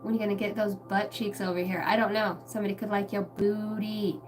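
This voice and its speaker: A woman's voice: medium pitch, little pitch movement, fairly quick, soft background music. Blunt, profane woman reading tarot. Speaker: tarot card reader. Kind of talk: casual livestream reading.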